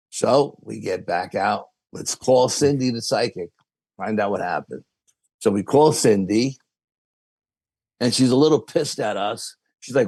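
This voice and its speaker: Man, New York accent, gravelly voice, dry recording, storyteller acting out dialogue. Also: lowish voice, normal speed, dry recording. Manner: animated storyteller with quoted dialogue. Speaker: podcast guest. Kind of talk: casual storytelling.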